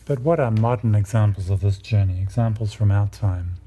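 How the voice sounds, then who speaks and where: A man with a very dark, mellow and somewhat husky voice, speaking in a low register. He lectures in a measured, explanatory way, walking listeners through ideas step by step. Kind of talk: lecture on myth and psychology.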